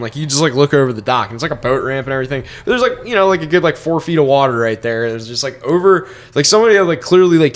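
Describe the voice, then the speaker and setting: Rambling young man. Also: a bit bright. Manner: rambling storyteller, heavy swearing, acts out quotes in a high voice. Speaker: podcast co-host. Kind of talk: casual chat.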